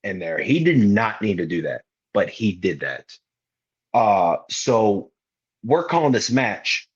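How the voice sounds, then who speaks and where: A man's voice: fairly low pitch, slow pace, husky, lo-fi sound. A young man, a wrestler guest on a podcast, telling stories in a casual, slangy way and acting out what people said. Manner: animated, slangy storyteller who acts out quotes. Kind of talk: casual storytelling.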